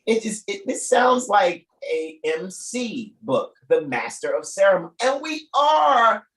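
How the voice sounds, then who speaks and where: Animated man riffing in an echoey room. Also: high-pitched, unhurried. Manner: animated, rambling, laughing often. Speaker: host of a live reading. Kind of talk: casual improvised commentary. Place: room in a shop.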